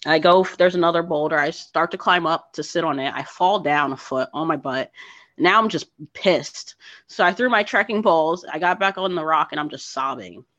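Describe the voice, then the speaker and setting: Woman guest from New Jersey, animated storyteller, dull dry lo-fi audio. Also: low-pitched, normal speed, dry recording. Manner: animated, emotional storyteller with lots of "like" and "you know". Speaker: podcast guest, thru-hiker. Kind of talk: storytelling in a casual interview.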